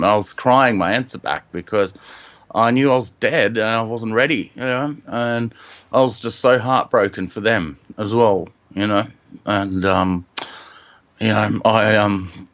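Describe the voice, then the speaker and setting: An Australian man telling a personal story as a podcast guest, reflective and halting, with frequent ums and restarts. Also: fairly low pitch, a bit bright, lo-fi sound.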